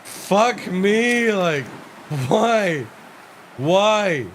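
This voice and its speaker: A man with a high, animated voice talks extremely slowly over slight background noise. He's streaming live gameplay commentary, ranting in frustration, swearing constantly, and bursting into laughter at the game's flaws.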